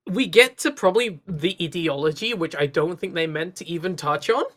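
A woman's voice: fairly low pitch, expressive, brisk. Jokey woman recapping a story. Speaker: podcast co-host. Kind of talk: casual chat.

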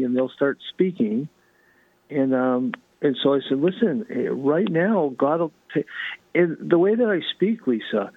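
Gravelly man telling stories on a thin line. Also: fairly high pitch, no room sound, phone-quality sound. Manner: earnest, animated storyteller who acts out quotes. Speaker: guest. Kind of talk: storytelling in a talk show interview.

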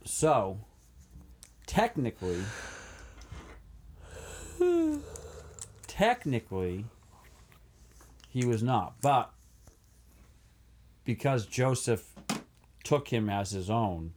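A man co-hosting a podcast in relaxed, casual conversation. His pitch is middling but moves up and down a lot. He talks earnestly and spells out his points in detail. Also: drawn-out words, pauses often, a little hiss or hum. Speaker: podcast co-host. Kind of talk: casual chat.

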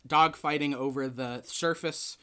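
Animated man retelling a film. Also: fairly high pitch, a little slow, smooth. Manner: animated storytelling, acts out quotes. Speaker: podcast host. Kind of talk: casual chat.

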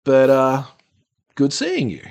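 A man's voice: medium pitch, huge pitch swings, slow, a little mellow, pitched above the performer's own voice, heavily acted. A man voicing a smug, shapeshifting male dragon disguised as a dwarf in the style of a famous film actor. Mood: dismissive. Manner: smug, offhand, unbothered.

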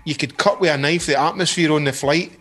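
A man, a band's singer, telling a story in casual chat, animated and full of swearing. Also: on the high side, a little fast, crowd noise. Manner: animated, swears a lot, acts out quotes. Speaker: band singer.

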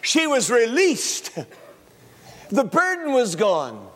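A male pastor gives an Easter sermon in a storytelling way, with folksy humor. His voice is high and swings widely. A long reverb follows every phrase around the church. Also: wildly swooping pitch, takes it slowly, a bit bright.

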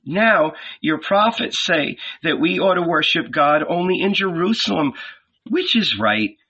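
A man's voice: fairly high pitch, lively intonation, a little slow, pushed and bright, slightly rough, highs cut off, voice pushed up, full character voice. A man reading an audiobook, voicing an eager, troubled village woman in a raised voice. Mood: earnest.

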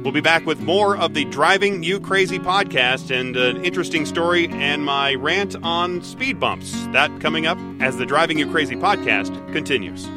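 A man hosting a casual podcast, easygoing and chuckling between remarks. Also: a little high. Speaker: podcast host.

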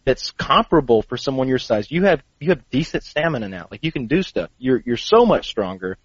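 A man's voice: medium pitch, big pitch swings, a little fast, breathy edge, no echo. A man encourages a friend about his training progress, rambling and restarting as he goes. His voice is dry and close, with a slightly dull, lo-fi quality. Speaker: fitness mentor. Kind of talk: earnest group conversation.

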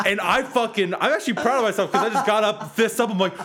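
A man's voice: high voice, quick pace, background noise. A young man co-hosting a podcast, chatting casually and telling a funny story, laughing through it and swearing freely. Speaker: podcast co-host.

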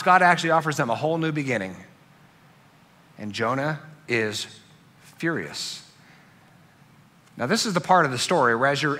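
Male pastor, sermon delivery, slightly high and bright, animated storyteller. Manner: animated, acts out angry outbursts.

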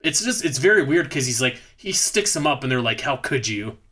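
A man's voice: a little high, lively intonation, brisk, bright, forceful tone. A man co-hosting a podcast, recapping a bad movie in rambling, profane, sarcastic casual chat.

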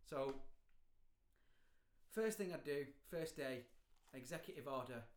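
A man's voice: medium pitch, lively intonation, slow pace. Male, rambling comic chatter, echoey room. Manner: rambling, jokey, lots of "you know what I mean". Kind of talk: casual comedic chat.

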